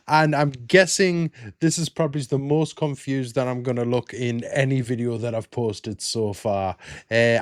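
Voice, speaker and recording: A man's voice: mid-range voice, no echo, clean studio sound. A British man hosting a reaction video, chatting casually and joking in rambling asides. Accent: British English. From Britain.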